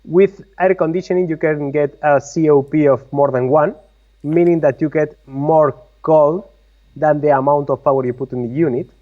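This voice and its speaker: A man's voice: a little high, steady tone, moderate pace. A man co-hosting a casual live-stream chat from his workshop, patiently explaining technical details over a video call. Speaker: co-host. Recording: slightly muffled audio.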